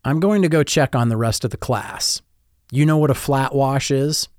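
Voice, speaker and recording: A man voicing a gruff but kind male art teacher who explains things in a calm, encouraging way. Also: medium pitch, normal speed, dry recording, clean studio sound, lightly acted. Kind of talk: audiobook-style storytelling.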